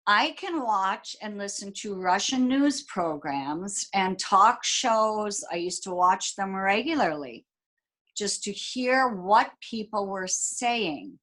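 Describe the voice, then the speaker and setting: A woman who is an interview guest, telling stories in an animated, expressive way. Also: medium pitch, slow pace. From United States. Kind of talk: casual storytelling in an interview.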